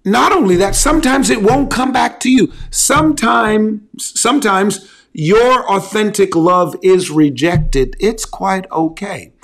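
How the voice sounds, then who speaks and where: A man preaching in a relaxed, conversational way, repeating key phrases and asking rhetorical questions. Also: high-pitched, measured pace. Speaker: pastor. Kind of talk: conversational sermon on love and relationships.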